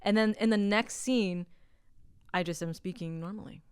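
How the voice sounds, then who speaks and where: Brief: young woman podcast co-host, clear smooth voice, close dry mic, candid and self-mocking. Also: medium pitch, moderate pace, dry recording. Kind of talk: casual chat.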